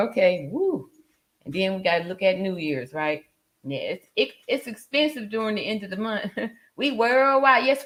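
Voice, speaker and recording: A woman in her forties hosting a casual livestream, chatting loosely with many fillers and frequent laughs. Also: a little high. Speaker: livestream host. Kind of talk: casual livestream chat reading viewer comments.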